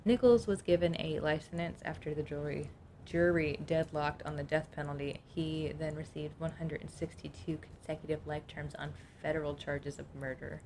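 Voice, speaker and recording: A woman's voice: low-pitched, steady tone, normal speed, noisy background. A woman co-hosting a casual podcast, reading from her notes and chatting between them. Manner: reads notes aloud, chatty, laughs easily. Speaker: podcast co-host.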